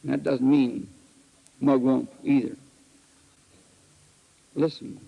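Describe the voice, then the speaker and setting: A man preaching at a retreat, telling folksy stories with animated swings between loud exclamations and quiet asides. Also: medium pitch, slow, creaky, lo-fi sound. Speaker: retreat speaker. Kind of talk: folksy sermon with storytelling. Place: retreat hall. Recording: archival 1968 recording in a hall with long reverb.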